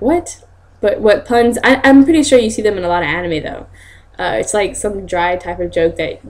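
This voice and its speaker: Chatty laughing young woman vlogger. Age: young adult. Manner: chatty, laughs often, acts out quotes in high voices. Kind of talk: casual storytelling vlog.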